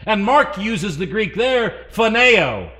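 Bright high-voiced male preacher. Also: very animated, slow. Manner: dynamic, swinging between loud emphasis and hushed asides; asks the congregation questions. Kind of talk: sermon.

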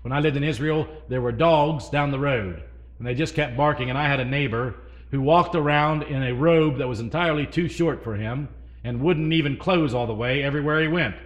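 A man preaching a sermon, swinging between loud emphasis and hushed asides and asking the congregation questions. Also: medium pitch, a little fast.

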